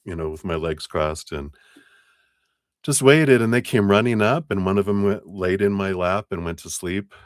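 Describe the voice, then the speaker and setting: A man's voice: low-pitched, normal speed, dry recording, clean studio sound. A man giving a casual live tarot reading, chatting, storytelling and laughing often. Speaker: tarot reader on a live stream.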